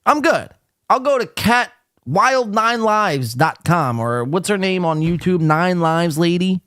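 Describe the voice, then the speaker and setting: A man's voice: sits high, animated, measured pace, a bit bright, dry recording, studio quality. A man hosting a live podcast, talking casually with blunt sarcasm and frequent swearing. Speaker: podcast host.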